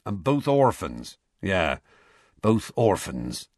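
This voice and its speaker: Man doing a big gruff sad giant guy, slow mumbly lines, swings up and down a lot. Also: deep voice, very animated, a little mellow, dry recording, studio quality, heavily acted. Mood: gloomy. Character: huge gruff gloomy half-giant man. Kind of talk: audiobook character voice.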